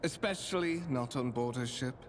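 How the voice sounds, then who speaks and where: An actor playing a courtly, calculating male spymaster in a video game, speaking with formal, measured and faintly menacing courtesy. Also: mid-range voice, a little hiss or hum, natural voice. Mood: grave. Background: game music.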